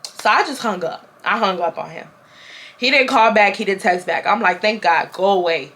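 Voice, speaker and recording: A woman vlogger telling a personal story in a chatty, animated way, talking straight to her viewers on a camera mic. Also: medium pitch, normal speed. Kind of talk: casual storytime chat.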